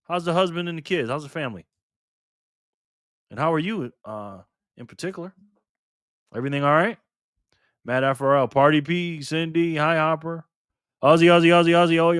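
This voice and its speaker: A man's voice: mid-range voice, fairly bright tone, no room sound, studio quality. A man hosting a casual livestream, chuckling as he greets viewers by name and reads out their comments. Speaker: livestream host.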